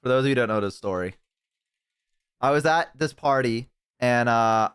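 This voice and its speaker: A man's voice: medium pitch, normal speed, a bit bright, clear, resonant tone. A man streaming from home on a headset, telling a story to his chat in a rambling, swearing, laughing way. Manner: profane, rambling, bursts of laughter.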